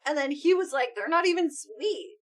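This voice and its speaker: A woman's voice: high voice, moderate pace. A woman co-hosting a live stream, chatting casually, reading a story update aloud and acting out quoted lines. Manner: animated, acts out quoted lines, calls herself snappy. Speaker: streamer co-host. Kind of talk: casual chat reacting to and reading stories.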